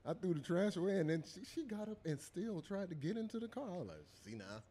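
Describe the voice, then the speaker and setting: A man's voice: high-pitched, big pitch swings, fast talker, mellow. A man co-hosting a podcast, telling a laid-back anecdote in casual chat and laughing as he goes. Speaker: podcast co-host. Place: studio.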